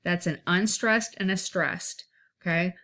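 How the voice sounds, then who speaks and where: A woman's voice: lowish voice, fairly even intonation, measured pace, pushed and bright. A woman teaching an informal one-take lesson, explaining step by step and checking in often to see that her listeners follow.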